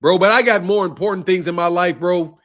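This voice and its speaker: A man with a fairly high speaking voice hosts a boxing livestream in a loose, profane rant. He laughs between lines and keeps tacking "bro" onto them. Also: fast, fairly bright tone.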